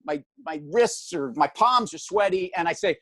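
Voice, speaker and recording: This is a man in his fifties with a fairly high voice, hosting a casual show. He tells stories with animation, slipping into the voices of the people in them. The sound is close and dry. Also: moderate pace, no room sound. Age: 50s. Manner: animated storyteller, acts out voices. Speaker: show host. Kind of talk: casual chat, storytelling.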